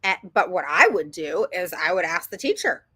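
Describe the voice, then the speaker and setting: Chatty mom, bright and close. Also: female voice, lowish voice, very animated, moderate pace, breathy edge, dry recording. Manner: chatty, rambling with many ums and laughs. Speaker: parent vlogger giving advice. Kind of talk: casual advice talk to viewers.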